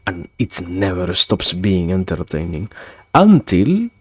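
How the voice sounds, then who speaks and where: A man streaming, thinking aloud in a rambling, philosophical monologue, halting with many restarts and self-corrections, in a wry, musing way. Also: low voice, sing-song, slightly rough. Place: home streaming setup.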